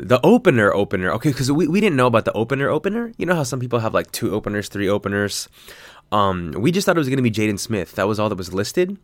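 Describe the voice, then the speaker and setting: A young man talking casually in a rambling, chatty vlog, with self-deprecating jokes and sudden jumps up in pitch when he gets excited. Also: dry recording. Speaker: vlogger.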